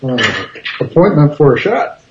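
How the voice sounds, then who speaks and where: Slow, lively-pitched man on a lo-fi line. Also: noisy background. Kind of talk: casual chat. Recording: dull lo-fi sound.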